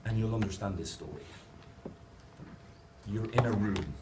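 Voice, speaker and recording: An Irish-accented conference speaker talks a little slowly in a fairly low voice, walking the audience through his drawings with playful humor. The camera catches him from far off in a big hall, so the sound is echoey and noisy.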